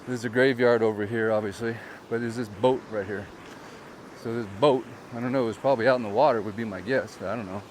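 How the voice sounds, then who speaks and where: Here a man's medium-pitched voice carries a bit of hiss or hum. He vlogs a walk-and-talk along the shore using a handheld camera on a gimbal, and as a real estate agent he speaks to viewers in a blunt, exasperated way.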